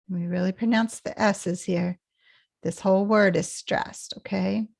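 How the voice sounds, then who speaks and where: A woman teaching English pronunciation in a patient lesson, repeating phrases slowly so learners can follow. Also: medium pitch, gravelly, darkish tone, no room sound, studio quality. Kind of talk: slow explanatory lesson.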